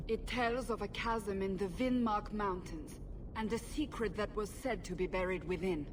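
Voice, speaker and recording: Woman playing a pointed fantasy questioner, mid-pitched, rumble in the audio. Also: normal speed, natural voice. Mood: probing. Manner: pointed, probing. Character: stern woman interrogator from a fantasy game. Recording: game audio with rumble noise.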